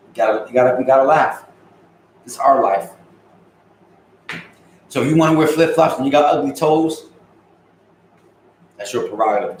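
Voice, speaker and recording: A man's voice: medium pitch, echoey room, a little hiss or hum, rough recording. A man in his thirties chatting casually on a livestream, reading viewer comments and joking in loose, profane street slang. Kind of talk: casual live-stream chat.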